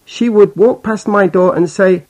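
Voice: medium pitch, fairly even intonation, measured pace, dark tone, lightly acted, rough recording. A fed-up male tenant, played by a voice actor, recounts his ordeal in a weary, complaining tone. The delivery is plainly scripted, like a classroom listening tape. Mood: exasperated. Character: exasperated male tenant, Mister Brown. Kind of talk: scripted narration for a listening exercise.

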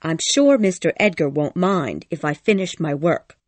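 A man's voice: on the high side, expressive, moderate pace, no echo, pitched above the performer's own voice, natural voice. A man voicing a stubborn young female housekeeper who talks in a stiffly polite, indignant way in a read-aloud story.

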